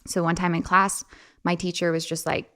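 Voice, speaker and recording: A young woman talking casually as an interview guest, animated and chatty, often putting on a playful high voice when quoting. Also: moderate pace.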